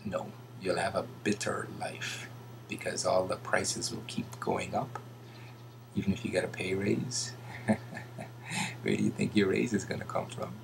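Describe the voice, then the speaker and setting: A man giving a rambling casual monologue, swinging between loud bursts and hushed asides and mocking others in put-on voices. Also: low voice, little pitch movement, unhurried, vocal fry, pauses often, background noise.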